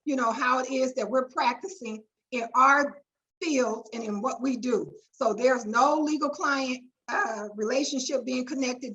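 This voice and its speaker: A woman hosts a legal webinar in a chatty, colloquial way. Her voice sits high. The audio is a little dull and lo-fi, like a video call. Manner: chatty, warm asides and colloquial "y'all". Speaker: webinar host and attorney. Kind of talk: lively webinar introduction.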